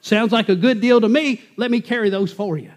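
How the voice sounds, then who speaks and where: A man's voice: high-pitched, fairly quick, pitched above the performer's own voice, close to an everyday voice. A man voicing an eager fellow who happily accepts a bribe.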